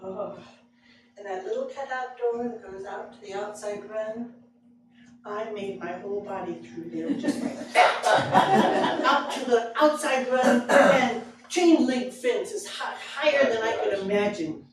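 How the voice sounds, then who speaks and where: A woman storyteller telling a personal tale to a live audience, slow and dramatic with frequent chuckles. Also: a little high. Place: library event room with live audience. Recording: echoey hall, distant mic, background noise.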